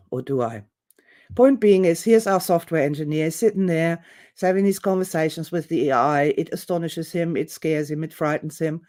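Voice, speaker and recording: A woman giving an opinionated, theatrical monologue, digressing and acting out other people's reactions. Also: low voice. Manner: animated, theatrical, acts out quotes, digressive. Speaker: presenter.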